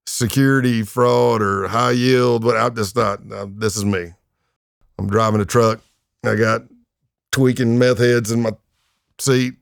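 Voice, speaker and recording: A podcast guest in a podcast studio, this middle-aged man is a retired FBI undercover agent telling crime stories laid-back and casually, using many fillers and chuckles. His mid-range voice is gravelly yet smooth, and the recording is studio quality with no room sound.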